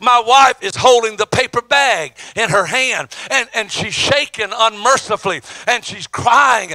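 A man's voice: extremely high pitch, animated, a little slow, hardly any pauses, sharp tone, no room sound. A middle-aged man, an evangelist, preaching a testimony with emphatic storytelling and many stammered restarts. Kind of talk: sermon testimony.

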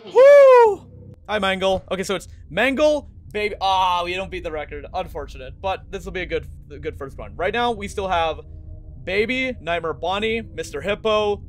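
A young man livestreaming a video game, chatting with viewers and excitedly coaxing the characters on screen. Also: high voice, moderate pace, a little hiss or hum. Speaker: gaming streamer. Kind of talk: casual livestream gameplay commentary.

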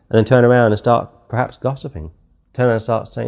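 A man's voice: medium pitch, steady tone, quick pace, gravelly, a little mellow. A man with a British accent teaching a verse-by-verse Bible study, talking casually and reading the King James text aloud. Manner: conversational, reads scripture aloud in King James wording.

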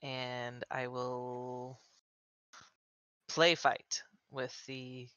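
Tabletop player, slow bright tense voice, giggles a lot, dry dull call audio. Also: medium pitch, completely flat delivery, clean tone, dry recording. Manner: giggly, unhurried. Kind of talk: casual tabletop play.

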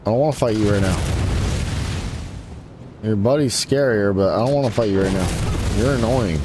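Very animated at a normal speed with frequent pauses, a man commentates his gameplay for YouTube, taunting foes and his voice spiking when frustrated. The background is noisy, with game sounds behind him.

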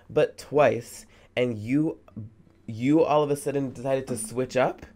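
Slow-talking, indignant young man gamer. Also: mid-range voice, a little mellow. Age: 20s. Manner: emphatic and indignant, repeating words for effect. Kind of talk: let's play commentary.

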